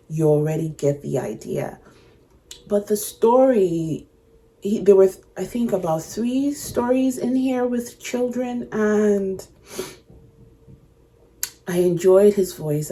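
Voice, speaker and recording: A woman hosting a reaction video, talking to camera in a halting, emotional way, often stopping to search for words. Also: on the low side, mellow. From Canada. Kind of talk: reflective casual talk to camera.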